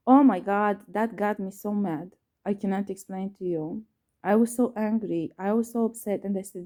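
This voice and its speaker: A woman's voice: mid-range voice, moderate pace, warm tone. A woman vlogger telling a personal story to camera, hesitant with many fillers and restarts, emphatic and repetitive, swearing when upset. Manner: emphatic, repeats herself.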